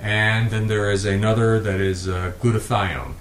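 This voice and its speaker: A man interviewing, asking hesitant questions with frequent pauses and fillers. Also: lowish voice, little pitch movement, reverberant, slight background noise. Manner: hesitant, many "uh" fillers and restarts. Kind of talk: casual questioning.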